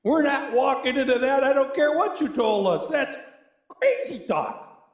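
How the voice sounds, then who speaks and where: A man's voice: very high voice, sing-song, a little slow, reverberant, pitched above the performer's own voice, exaggerated voice. A man voicing an exasperated woman who protests in disbelief, in a sermon. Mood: incredulous. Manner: incredulous, protesting. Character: exasperated woman refusing to open a tomb.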